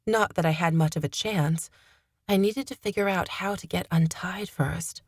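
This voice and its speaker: A woman reading first-person fantasy narration in a steady, measured way. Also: fairly low pitch, husky, dry recording, studio quality. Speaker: audiobook narrator.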